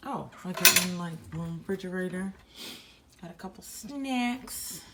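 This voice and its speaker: A woman's voice: on the low side, lively intonation, unhurried, very noisy. A young woman giving a chatty, slangy hotel room tour in casual vlog style, with many fillers. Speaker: vlogger.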